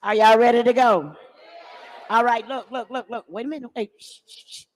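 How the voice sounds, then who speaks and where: An older man leading a young crowd in call-and-response, alternating loud chants with hushed instructions. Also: very high voice, fairly even intonation, moderate pace. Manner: commanding, shouts chants then hushes the crowd. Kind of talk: call-and-response rally speech. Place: large church hall. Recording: echoey church hall with crowd.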